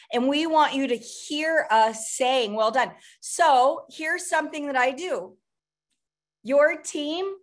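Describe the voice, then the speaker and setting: A woman coach hosting a group call, talking encouragingly to her team. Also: sits high. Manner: encouraging, laughs easily. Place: video or conference call.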